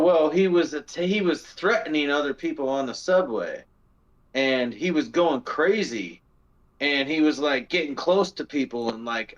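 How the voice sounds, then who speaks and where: A man's voice: on the high side, rough recording. A man co-hosting a podcast, telling stories in casual chat with plenty of fillers and restarts. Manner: rambling storytelling, many fillers and restarts. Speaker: podcast co-host. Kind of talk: casual discussion.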